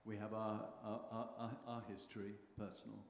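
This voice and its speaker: A man in the audience speaks up to pay tribute, halting and restarting as he searches for words. His voice sits at a low-middle pitch and sounds roomy and echoey, with a faint murmur of the hall behind him. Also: flat delivery, creaky, a little hiss or hum. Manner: halting, heartfelt, many restarts. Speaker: audience member giving tribute. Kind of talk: spontaneous tribute speech.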